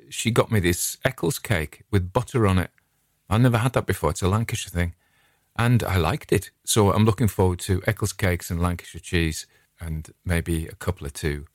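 A man's voice: low voice, no room sound, clean studio sound. A middle-aged English man chatting casually, a digressive and friendly storyteller who hosts his own show. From England. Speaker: podcast host. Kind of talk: casual rambling chat.

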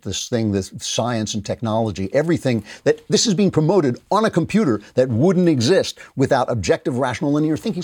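A man's voice: medium pitch, darkish tone, husky. A middle-aged man hosting a political commentary show, giving an indignant, sarcastic opinion monologue. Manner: sarcastic, indignant, mocking voices of opponents.

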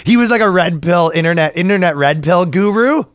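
A man co-hosting a comedy podcast, joking casually, laughing through his own bits and breaking into loud, high acted-out voices. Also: expressive, brisk, smooth, dry recording, studio quality. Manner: acts out characters in sudden loud high bursts.

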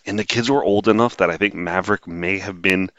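A very deep-voiced man hosts a solo podcast, drifting from point to point with dry sarcasm and plenty of ums. The sound is dull and lo-fi, with a dead, dry room around him. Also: a little fast, fairly bright tone, dry recording. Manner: rambling, wry and sarcastic, frequent filler words. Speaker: podcast host. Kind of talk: casual solo monologue.

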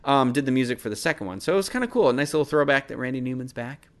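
A male podcast host talks through a film review on his own, in a casual, loose way. He wanders off topic and jokes at his own expense. His voice sits at an ordinary middle pitch. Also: lively intonation, very fast. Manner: rambling, self-deprecating, loses his train of thought. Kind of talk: casual solo review monologue.

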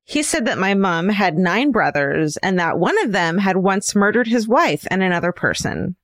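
A woman co-hosting a podcast, reading listener letters aloud in a casual, animated way with laughs and swearing. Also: medium pitch, moderate pace, dry recording.

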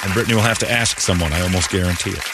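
A man's voice: sits low, very fast, crowd noise, background noise. A man hosting a morning radio show, rambling through a story and acting out other people's lines. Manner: rambling storyteller, acts out voices. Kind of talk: casual morning show banter.

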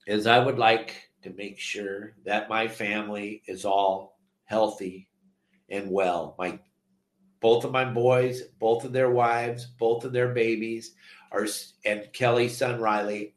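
A man's voice: lowish voice, fairly even intonation, slow, reverberant. An older man hosting a fishing show, talking earnestly and from the heart in casual chat.

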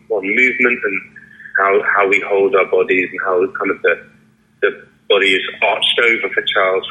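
Man, lowish voice, muffled line, halting interview answers. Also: bright, forceful tone. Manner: hesitant, many fillers and restarts. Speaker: actor interviewee. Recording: lo-fi phone-like line.

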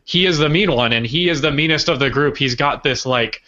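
A man talks through a favorite film with friends, animated and quick to laugh. His voice has a bright, forward ring to it. The recording is a little dull and muffled. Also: on the high side. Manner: animated, laughs often, quotes characters. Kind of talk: casual film discussion.

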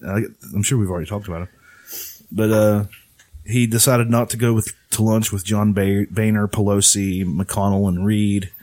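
A man's voice: lowish voice, fairly even intonation, normal speed, a little mellow. A man co-hosting a casual comedy chat, joking, laughing often and swearing freely. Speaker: podcast co-host.

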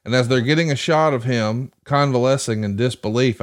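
This is a man in casual podcast chat who drifts into long, wry storytelling asides. His voice sits at an ordinary middle pitch. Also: a little fast. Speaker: podcast co-host.

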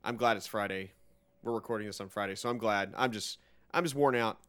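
A young man hosting a podcast, relaxed and a bit worn out in casual chat. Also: on the low side, brisk, clean tone, no echo. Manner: relaxed, tired, easygoing. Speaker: podcast host.

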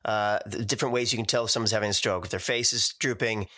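A man's voice: fairly low pitch, steady tone, fast talker, pushed and bright. A man speaking as a podcast guest in casual chat, hesitant and full of fillers as he explains.

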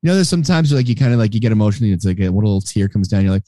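Man, podcast co-host, casual chat, warm mellow voice, relaxed joking manner. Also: lowish voice, rapid-fire, no room sound, clean studio sound.

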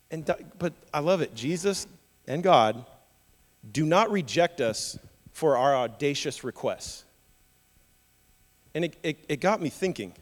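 A man's voice: on the high side, big-room sound. A man preaching a sermon in a casual, playful way, acting out the voices of Bible figures. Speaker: pastor.

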